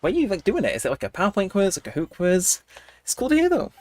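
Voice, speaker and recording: A man's voice: sits high, wildly swooping pitch, quick pace, a little mellow, no echo. Chatty guy streaming. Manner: rambling, chatty, laughs often, talks to chat. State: cold coming on. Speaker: livestreamer. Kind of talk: casual live-stream chat while gaming.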